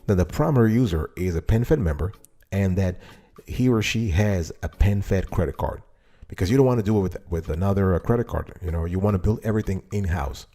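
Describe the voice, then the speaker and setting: Man hosting his own show. Low, warm delivery, talks straight to his audience, repeats points for emphasis. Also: lively intonation, brisk. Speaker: host. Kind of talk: casual talk-show monologue.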